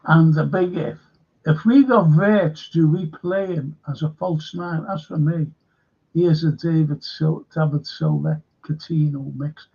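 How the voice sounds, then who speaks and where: Gravelly, husky man chatting. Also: on the high side, a little slow, a little mellow, dull audio. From Liverpool. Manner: rambling, chatty, jokey asides. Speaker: host. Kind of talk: live fan chat show, reading chat questions.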